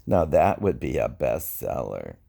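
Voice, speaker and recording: A man reading his own spoken-word poetry in a slow, wry, reflective way. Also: rumbling low, big pitch swings, creaky, warm tone. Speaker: poet.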